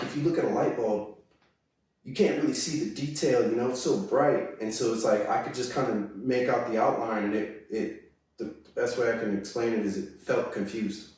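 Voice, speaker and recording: A man from California telling a story in a casual, slangy way, often saying "dude" and "like.". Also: medium pitch. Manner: laid-back slangy talk full of "dude", "like" and "right?". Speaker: guest. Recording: very echoey, mic far away.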